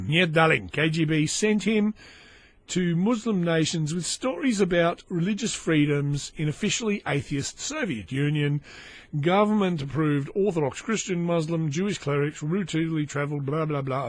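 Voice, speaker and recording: A man's voice: on the high side, no echo. A middle-aged man hosting a podcast, reading news stories aloud and adding sardonic, rambling asides while stumbling over foreign names. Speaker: podcast host.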